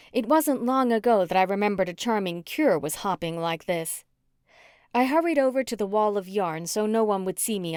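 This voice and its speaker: A woman narrating a cozy mystery audiobook in first person, with an even storytelling delivery. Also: mid-range voice, smooth, no room sound, clean studio sound.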